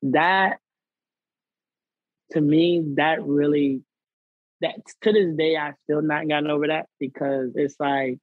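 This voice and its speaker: A man's voice: on the high side, unhurried, no room sound, narrow, tinny audio. A man guest on a podcast telling a personal story in casual slang, acting out what others said. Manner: animated, acts out quoted people; conversational American slang.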